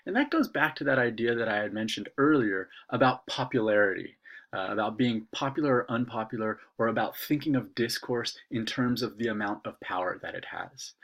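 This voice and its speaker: A man's voice: mid-range voice, fairly bright tone. A man, an instructor, explaining course material in a casual recorded video lecture, with frequent "uh" fillers. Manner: conversational, filler-laden explaining.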